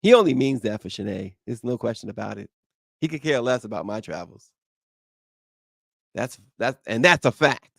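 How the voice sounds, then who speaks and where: A man with a gravelly, creaky voice hosts a live morning show, recorded close and dry. He rambles loosely and jokes as he reads out viewer comments, laughing often. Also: medium pitch, big pitch swings, moderate pace, long pauses, a bit bright, no room sound.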